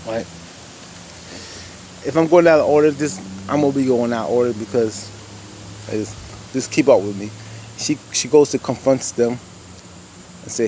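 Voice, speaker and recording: A man's voice: medium pitch, normal speed, pauses often, mellow, a little hiss or hum, low-quality recording. Rambling man recapping with heavy fillers. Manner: rambling, many "you know" fillers, addresses viewers as "y'all". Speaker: TV show reviewer. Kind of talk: casual episode recap.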